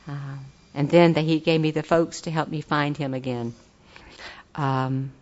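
A woman's voice: low voice, highs cut off. An older woman giving an earnest, folksy personal testimony at a recovery meeting. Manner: earnest, folksy, turns enthusiastic and laughing.

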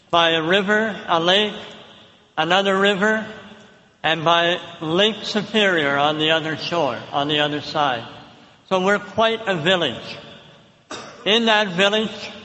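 Man, high bright voice, slow reflective testimony, echoey hall. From Thunder Bay, Canada. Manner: reflective, unhurried storytelling with pauses. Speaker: recovery meeting speaker. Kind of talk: personal testimony to an audience. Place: large hall with a live audience. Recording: echoey hall with long reverb.

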